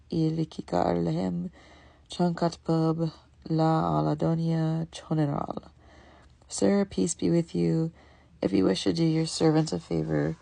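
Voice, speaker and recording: Brief: woman reading as a starving young male beggar, pleading, low and gravelly. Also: warm tone, no room sound, heavily acted. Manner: pleading, slow and drawn out. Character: starving ragged young man begging in many tongues.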